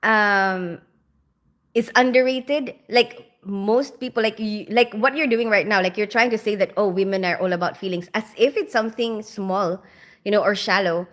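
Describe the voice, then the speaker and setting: This livestream host, a woman in her forties who grew up in the Philippines, has a mid-range, fairly bright voice and speaks a little slowly. She chats easily with viewers, going through comments and laughing frequently.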